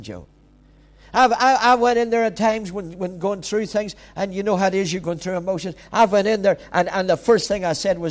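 A man's voice: high-pitched, brisk. A middle-aged man preaching a sermon as pastor, talking conversationally, often repeating words and acting out prayers and quotes.

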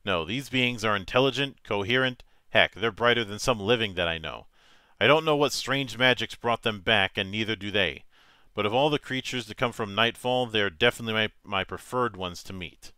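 A man acting as game master, reading tabletop game rules aloud in a measured, matter-of-fact way with small stumbles. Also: fairly low pitch, sharp tone, smooth, no echo.

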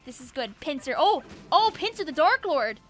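A woman hosting a gaming channel, giving excitable, joking let's-play commentary and talking to the characters on screen. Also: high voice, moderate pace, faint music behind.

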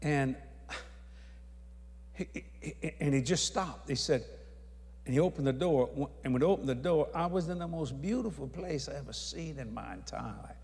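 A man preaching a sermon, telling his story in a folksy, animated way. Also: fairly high pitch, moderate pace. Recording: reverberant hall.

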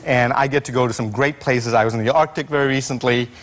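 A man's voice: mid-range voice, fast. A male scientist guest on a late-night talk show, telling stories with lots of fillers and restarts. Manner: animated storyteller, fillers and restarts.

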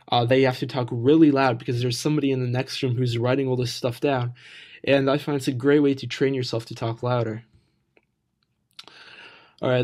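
A man's voice: medium pitch, a little mellow. A man giving casual spoken tips on improving the voice, talking plainly with frequent fillers. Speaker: voice and social skills coach. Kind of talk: casual tutorial talk to camera.

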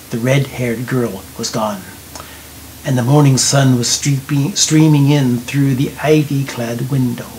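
A man narrates a storybook in a slow, gentle reading voice. He often lowers to a near whisper on quiet moments. A faint steady hiss sits under the recording. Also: rough recording.

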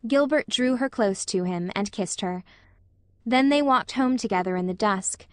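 A woman narrating a classic novel for an audiobook, in a measured, lyrical storytelling manner. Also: medium pitch, dry recording, studio quality.

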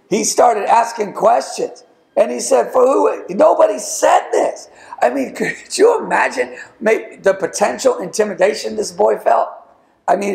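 A man's voice: sits high, vocal fry, darkish tone, roomy sound. A man preaching a sermon as pastor, emphatic, with rising calls to the congregation. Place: church sanctuary.

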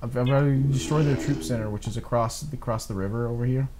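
A man's voice: medium pitch, quick pace, very noisy. A man casually chatting and laughing a lot while playing a strategy game for a let's-play video. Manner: giggly, laughs often, animated storytelling. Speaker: gameplay commentator.

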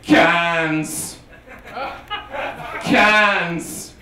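A male stand-up comedian doing an impression of a dazed male action-movie hero, drawling each word slowly. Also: a little high, steady tone, sharp tone, reverberant, distant mic, pitched above the performer's own voice, exaggerated voice. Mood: stunned. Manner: slow, drawn-out, stunned delivery.

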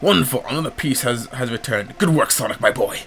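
A man's voice: medium pitch, lively intonation, brisk, fairly bright tone, slight background noise. A man doing a jolly old professor. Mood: jovial.

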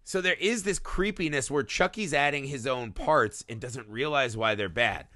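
A man co-hosting a film podcast, talking casually and profanely, slipping into quick character voices. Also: mid-range voice, sharp tone, no echo, studio quality. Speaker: podcast co-host.

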